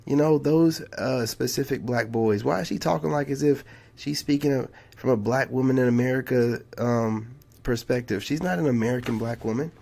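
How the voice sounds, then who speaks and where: A man's voice: mid-range voice, normal speed, creaky, warm tone. A man hosting a casual reaction video, talking in a drawling, slangy way and saying "man" a lot. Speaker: YouTube reaction host.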